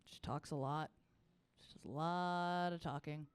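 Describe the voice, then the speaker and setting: Brash woman doing stand-up, smooth voice. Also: measured pace, no echo. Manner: brash, profane storytelling; jumps to a much higher, excited voice for quoted lines. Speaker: stand-up comedian. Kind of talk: stand-up comedy set. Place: live comedy festival stage.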